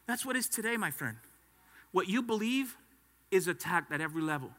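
High, forceful preacher in a reverberant hall. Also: male voice, lively intonation, fairly quick. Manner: emphatic, with call-and-response prompts to the congregation. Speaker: pastor. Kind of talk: sermon.

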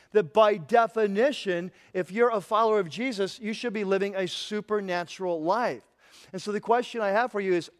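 A man preaching a sermon as pastor, asking his listeners pointed questions and building to impassioned, loud stretches. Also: sits high. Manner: impassioned, repeats questions, grows loud and intense.

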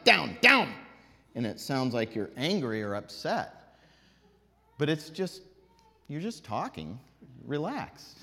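A man teaching a group, animated, singing out drawn vowels to show how the pitch moves. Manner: animated, demonstrates tones by singing out long vowels. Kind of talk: classroom lesson. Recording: long hall reverb.

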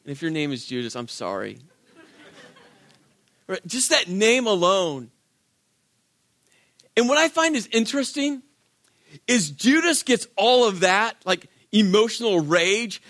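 A man preaching a sermon, telling the story with animated, acted-out quotes and rhetorical questions. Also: high voice, unhurried, pauses often. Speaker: pastor.

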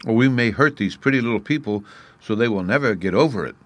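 A man reading the lines of a kind-hearted woodman in a storybook, in his own low voice. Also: expressive, fast talker, dry recording, lightly acted. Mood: gentle. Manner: gentle, careful.

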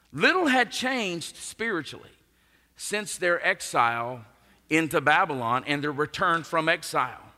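A man preaching a sermon as pastor, earnest and emphatic, with his voice swinging between forceful rises and quiet drops. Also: fairly high pitch, animated, measured pace. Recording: long reverb of a large hall.

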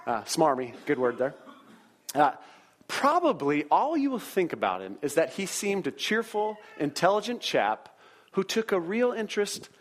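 A man's voice: a little high, sing-song, normal speed. A man preaching a sermon as a pastor, talking in an earnest, conversational way with rhetorical questions.

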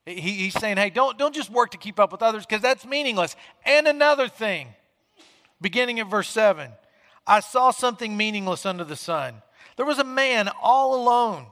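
A male pastor preaches in a casual, talky way, dropping low and quiet, then pushing up loud when he acts out the questions people ask. His voice sits high and sounds bright and forward. It rings out with a long reverb in the church hall. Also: expressive, moderate pace. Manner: conversational, acts out quoted questions with shifting volume. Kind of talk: sermon.

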